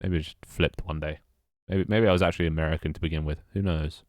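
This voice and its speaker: Low-voiced young British man, rambling. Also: fairly even intonation, fast talker, a little mellow, no echo, studio quality. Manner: rambling, wry, self-mocking. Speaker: game developer streamer. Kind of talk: casual live-stream chat while working.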